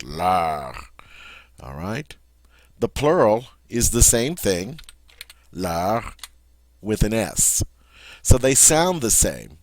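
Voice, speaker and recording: Slow, patient man teaching French. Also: lowish voice, no echo. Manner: patient, repeats words slowly, checks in with "all right?". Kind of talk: classroom grammar lesson.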